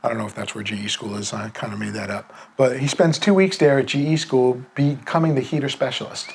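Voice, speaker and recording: A man's voice: mid-range voice, a little fast, vocal fry, a little hiss or hum. A man teaching a sales lesson through a casual story, acting out the people he quotes. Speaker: sales trainer.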